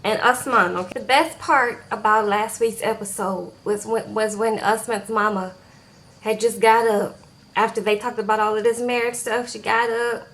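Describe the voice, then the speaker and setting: A woman's voice: fairly high pitch, steady tone, normal speed, fairly bright tone. A woman giving a casual recap of a reality show episode, retelling scenes in a chatty way and often tagging her sentences with "okay?".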